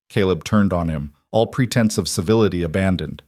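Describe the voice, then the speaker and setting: A man narrating a western story in a brisk, dramatic style. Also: low-pitched, darkish tone, no room sound, studio quality.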